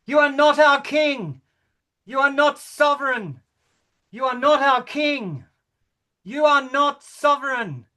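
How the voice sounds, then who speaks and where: A man voicing a defiant woman protester in a rehearsal reading over a video call, chanting and shouting repeated slogans. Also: sits high, animated, slow, heavily acted.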